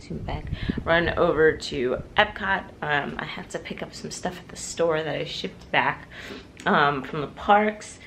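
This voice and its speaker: A young woman vlogging in a casual, excited way, full of fillers, her voice croaky from just waking up. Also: low voice, measured pace. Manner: chatty, excited, lots of fillers. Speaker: travel vlogger. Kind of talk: casual vlog chat. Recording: noisy outdoor street background.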